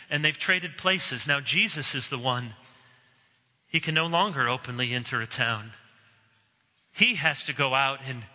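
Slow, bright-voiced male preacher in a hall. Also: a little high. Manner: earnest, emphatic preaching with slow dramatic pauses. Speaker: pastor. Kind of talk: sermon. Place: church sanctuary. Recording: long reverb of a large hall.

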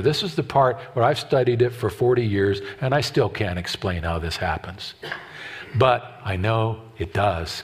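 A man in his fifties preaching a sermon, emphatic and repetitive, swinging from loud declarations to hushed asides. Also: mid-range voice, slightly rough. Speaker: pastor.

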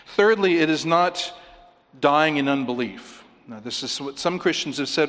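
A man's voice: medium pitch, a little slow, a bit bright, big-room sound. A man preaching a sermon, counting off his points one by one and pressing them home with rhetorical questions. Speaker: pastor.

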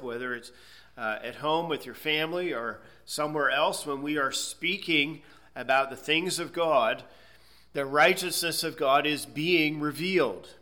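A man's voice: on the high side, pushed and bright. A man giving a methodical Bible lesson, explaining word meanings step by step and checking in with "okay?". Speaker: Bible teacher. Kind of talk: expository Bible lecture.

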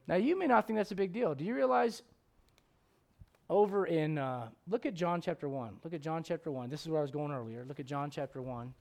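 A man with a high voice preaches from the pulpit. He jumps from loud, pointed questions aimed at the congregation to low, quiet asides, and he hammers his points with repetition. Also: brisk, creaky. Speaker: pastor. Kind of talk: sermon.

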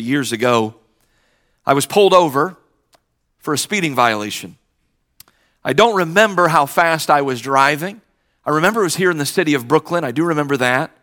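A middle-aged pastor with a high, pushed, bright voice tells a personal story during his sermon. He keeps it conversational, acting out the voices in the quoted exchanges.

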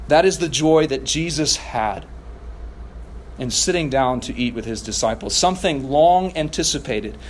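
A man's voice: mid-range voice, expressive, moderate pace, a little hiss or hum. A young man preaching a sermon in an earnest, reflective way, often restarting his sentences. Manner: earnest, reflective, with frequent restarts and repeated words. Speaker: pastor.

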